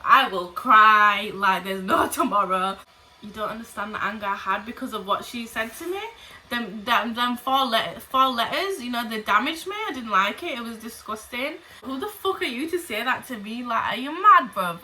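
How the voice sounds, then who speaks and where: A woman's voice: medium pitch, moderate pace, slight background noise, poor audio. A young woman telling a story from her school days as a casual storytime vlog, blunt and full of swearing. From England. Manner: animated, profane and blunt. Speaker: vlogger.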